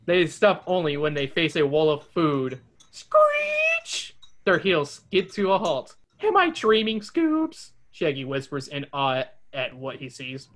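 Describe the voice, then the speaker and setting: A man hosting a podcast, reading a children's adventure book aloud with animated asides and character voices. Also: on the high side, normal speed, hardly any pauses.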